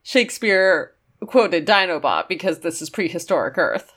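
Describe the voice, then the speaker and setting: A woman co-hosting a podcast in casual chat, tossing in animated, playful quips. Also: lowish voice, normal speed. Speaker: podcast co-host.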